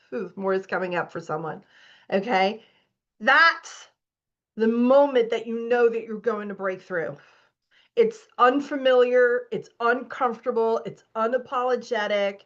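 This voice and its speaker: A woman's voice: on the high side, measured pace, a bit bright, muffled recording. A woman as a spiritual coach leading a live online masterclass, reading out participants' comments and urging them on emphatically.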